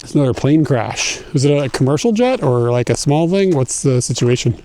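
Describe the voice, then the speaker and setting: A man's voice: medium pitch, lively intonation, a little fast, warm tone, slight background noise. Breathless man ranting on a walking stream. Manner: profane, laughing, ranting. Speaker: livestreamer. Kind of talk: casual IRL livestream chat. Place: outdoors walking in a snowy park. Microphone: phone carried while walking. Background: faint outdoor ambience.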